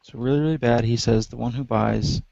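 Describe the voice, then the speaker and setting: A man's voice: medium pitch, steady tone, a little fast, creaky, a crowd in the background. A man in a casual Bible study on a video call, talking in a plain, matter-of-fact way about grammar. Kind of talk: casual discussion. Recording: dry, muffled video call audio.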